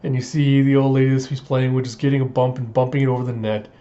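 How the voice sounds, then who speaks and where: A man casually recapping a manga chapter, acting out the characters' lines in quick, animated voices. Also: mid-range voice, highs cut off. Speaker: manga reaction host.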